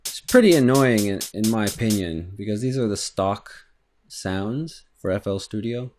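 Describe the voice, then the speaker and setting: A man with a very low voice walks through a music software tutorial in a loose, rambling way. He thinks aloud as he works and hums rhythms to show a point. Faint electronic music plays quietly underneath. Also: lively intonation, moderate pace. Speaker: music production instructor. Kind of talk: screen-recorded software tutorial.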